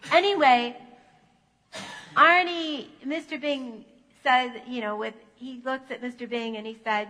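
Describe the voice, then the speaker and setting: A woman pastor telling a children's story in a church sanctuary, animated in manner. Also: a little high, moderate pace, in a large hall, rough recording.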